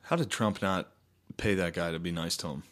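A man's voice: deep voice, brisk, a bit bright. A young man co-hosting a podcast in casual, profane, joking chat. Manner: profane, joking, does mocking voices. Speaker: podcast co-host.

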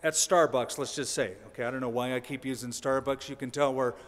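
A man's voice: medium pitch, fairly even intonation, brisk, in a large hall. A male pastor preaching a sermon in a conversational way, with dry humorous asides.

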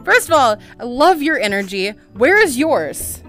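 A woman's voice: fairly high pitch, big pitch swings, a little slow, fairly bright tone, faint music behind. A woman streaming casually with friends, teasing them and breaking into giggles. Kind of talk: casual chat on a live stream.

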